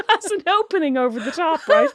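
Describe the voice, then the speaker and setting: A woman's voice: very high-pitched, a bit bright, no room sound, clean studio sound. A woman in her thirties co-hosting a podcast, telling a family story with lots of laughter. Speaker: podcast co-host. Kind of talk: casual chat.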